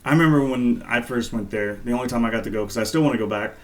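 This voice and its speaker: A man co-hosting a podcast, telling stories in a relaxed, rambling way with lots of fillers. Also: mid-range voice, fast. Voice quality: laid-back, rambling with many fillers. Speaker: podcast co-host. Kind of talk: casual storytelling chat.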